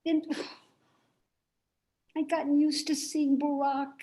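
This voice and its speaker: A woman's voice: sits high, flat delivery, very slow, mellow, pitched above the performer's own voice. A woman performing a monologue as an anxious, self-deprecating woman who rambles and restarts her sentences, over a video call. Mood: indignant. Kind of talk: theatrical monologue.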